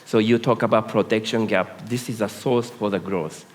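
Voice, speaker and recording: A man speaking on a conference panel, halting and full of hesitations. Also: lowish voice, steady tone. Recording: reverberant conference hall.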